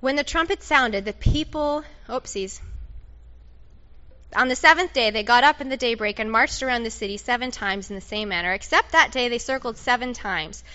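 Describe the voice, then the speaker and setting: Woman preacher, high bright voice, animated and playful, dull lo-fi recording. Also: normal speed. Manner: animated, playful, directs the audience and makes trumpet sounds. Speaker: preacher leading an interactive Bible story. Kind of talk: lively sermon with audience participation.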